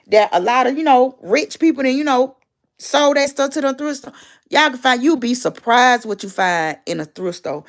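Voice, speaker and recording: A woman, casually ranting and gossiping on a livestream, blunt and profane. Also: fairly high pitch. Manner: blunt, profane, loudly animated.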